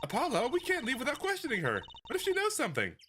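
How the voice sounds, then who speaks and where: A bubbly young girl magician's voice, put on by a man, high and eager. Her lines leap around in pitch and stay lively from phrase to phrase. Game music plays clearly behind her. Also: quick pace, exaggerated voice. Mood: peppy. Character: cheerful teenage girl magician sidekick. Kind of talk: voicing game dialogue.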